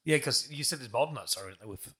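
A bright-voiced man hosting a relaxed podcast. He jokes and laughs a lot and swears freely, and his pitch swings widely as he tells his story. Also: fast. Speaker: podcast host. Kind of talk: casual podcast chat.

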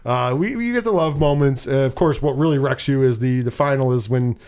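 A man casually talking through a film in a podcast chat, rambling and animated, with restarts and frequent swearing. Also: mid-range voice, brisk, clean tone. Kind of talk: casual movie review chat.

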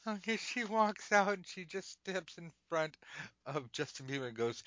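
Animated man riffing comic stories. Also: high-pitched, moderate pace, no room sound, highs cut off. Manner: animated, laughs often, jumps into silly voices. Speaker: podcast co-host. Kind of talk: improvised comic storytelling game.

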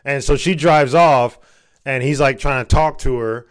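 A man's voice: mid-range voice, a little slow. A man co-hosting a podcast, casually recapping a movie and acting out quoted lines, profane and chatty. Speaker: podcast co-host.

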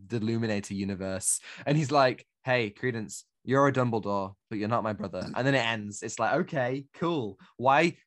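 A man's voice: medium pitch, no room sound, clean studio sound. A man co-hosting a casual film review podcast, critiquing with exasperated, ranting energy. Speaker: podcast co-host.

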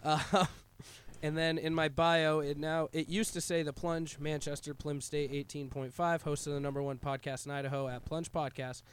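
A man co-hosting a podcast in casual banter, his voice hoarse and raspy from being sick, playful and laughing often. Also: a little high, little pitch movement, normal speed. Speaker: podcast co-host.

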